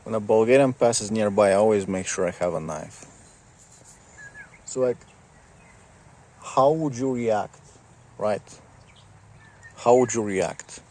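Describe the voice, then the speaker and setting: A man's voice: lowish voice, slow, long pauses, mellow. A man ranting casually to the camera in a rambling, sarcastic, mocking way.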